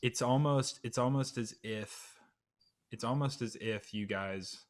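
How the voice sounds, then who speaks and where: A man's voice: medium pitch, a little slow. A man hosting a casual interview, laid-back, laughing often and repeating his words. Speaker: podcast host.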